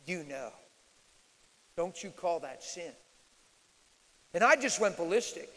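Emphatic preacher in a reverberant hall. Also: male voice, sing-song, measured pace, pauses often. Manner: emphatic, shifts from loud declarations to low asides. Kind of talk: sermon-style Q&A teaching. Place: large church hall, live audience.

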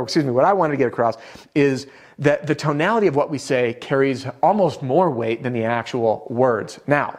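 A man giving a direct, upbeat sales coaching lesson to camera, with a self-deprecating touch. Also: medium pitch. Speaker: sales trainer.

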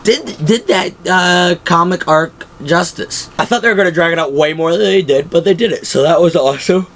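A young man talks through a show's episodes in a loose, excited fan recap, piling one scene onto the next. His voice sits at an ordinary middle pitch, and a little faint ambience hums under it. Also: a little hiss or hum. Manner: excited, rambling retelling with quick voiced quotes. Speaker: show host.

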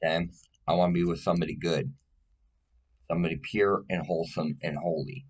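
A man's voice: deep voice, level tone, fairly quick, darkish tone. A man speaking in a casual personal monologue, rambling and blunt, swearing often and pleading emotionally.

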